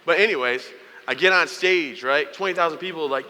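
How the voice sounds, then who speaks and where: A man's voice: a little high, normal speed, sharp tone, slight background noise. Joking man telling stories in a hall. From United States. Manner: joking storyteller, playful asides to the audience. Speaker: keynote speaker. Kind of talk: humorous motivational speech.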